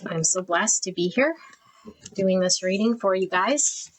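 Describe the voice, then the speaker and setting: A woman's voice: medium pitch, a little slow, slight background noise, poor audio. A middle-aged woman reading tarot, gushing over each card and getting emotional as she flips through a deck. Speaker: tarot reader.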